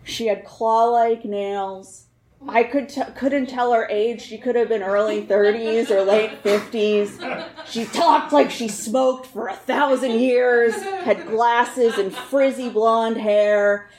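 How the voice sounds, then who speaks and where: A woman's voice: on the high side, slow pace, reverberant, crowd noise. A woman telling a personal story on stage with a wry, candid, laughing manner.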